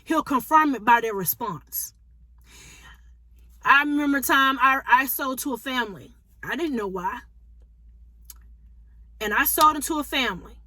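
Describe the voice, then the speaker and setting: A woman with a high voice preaches informally and talks straight to the listener. She is emphatic and repeats her points for weight. The sound is dry and close, with no room echo. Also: expressive, measured pace, long pauses, bright, forceful tone. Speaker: prophetic teacher.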